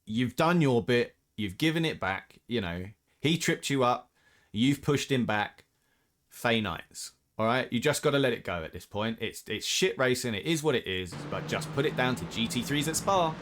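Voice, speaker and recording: A man hosts a reaction show, talking over racing clips in casual commentary. He is blunt and opinionated and often slips into a rant. His voice sits at an ordinary middle pitch for a man. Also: lively intonation, normal speed, fairly bright tone.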